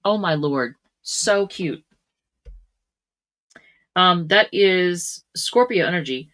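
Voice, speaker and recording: Tarot reader chatting to the camera, lots of ums and likes, laughs a lot, mid pitch. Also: lively intonation, slow pace, a bit bright. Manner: chatty, laughs often, many "like" and "um" fillers. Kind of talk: casual tarot reading to camera.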